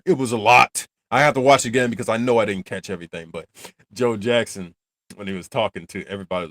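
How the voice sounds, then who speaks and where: A man hosts a casual reaction video, rambling freely and breaking into frequent laughter. His speaking voice sits on the low side. The recording is close and dry, with almost no room sound. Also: no room sound. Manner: animated, rambling, laughs often. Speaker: channel host reacting to a film.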